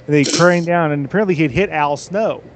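A man co-hosting a casual podcast, telling a story slowly with hesitant fillers. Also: fairly high pitch, slight background noise. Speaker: podcast co-host. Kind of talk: casual chat.

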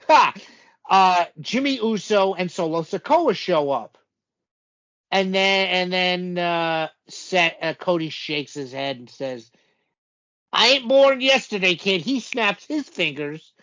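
Rambling through a recap of wrestling events, this podcast co-host leans heavily on fillers in a casual chat. He speaks in a high, fairly bright voice over dull lo-fi audio.

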